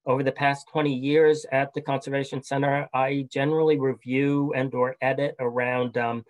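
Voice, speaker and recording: A middle-aged man giving a webinar presentation in a measured, friendly way, with fillers and restarts. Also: medium pitch, flat delivery, poor audio.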